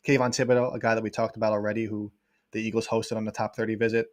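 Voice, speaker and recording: A man, a guest sports writer, talking in a casual livestream chat, quick and rambling with many fillers. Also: lowish voice, little pitch movement, no echo.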